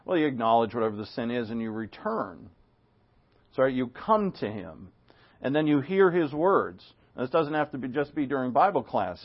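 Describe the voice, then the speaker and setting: A man teaching a Bible class verse by verse, conversational, with rhetorical questions and animated quoting. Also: mid-range voice, muffled recording.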